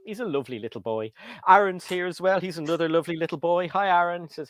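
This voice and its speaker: A man's voice: on the high side, animated, fairly quick, clear, resonant tone, dry recording. A man with a British accent hosting a casual livestream chat, rambling and reading viewer comments aloud. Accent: British English. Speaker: livestream host.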